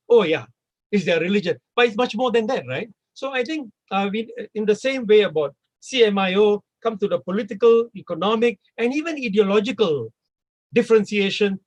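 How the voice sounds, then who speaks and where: Man, panel speaker, high-pitched, animated, questioning tone. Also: poor audio. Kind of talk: discussion talk.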